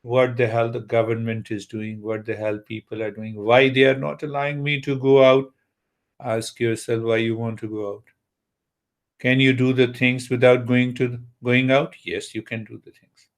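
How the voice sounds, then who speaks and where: A man giving a spiritual talk on meditation as a teacher, unhurried, asking his listeners rhetorical questions. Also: mid-range voice, flat delivery.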